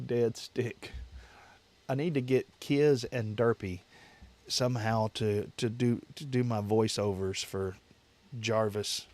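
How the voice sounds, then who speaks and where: A man's voice: mid-range voice, fairly even intonation, takes it slowly, darkish tone, no echo. A man hosting a casual livestream chat, rambling and repeating himself as he answers viewers with easy laughs. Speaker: livestream host.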